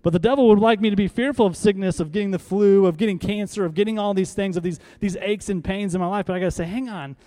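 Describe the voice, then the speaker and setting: Speaking fast with hardly any pauses, a pastor preaches in a high, warm voice. His emphatic sermon is packed with rhetorical questions, he has the congregation repeat lines after him, and he uses props on stage.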